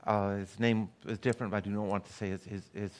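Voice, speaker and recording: A man's voice: fairly low pitch, level tone, quick pace, a little mellow. A middle-aged man preaching a sermon as a guest pastor, telling stories and acting out the people he quotes. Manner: storytelling, acts out the voices of people he quotes.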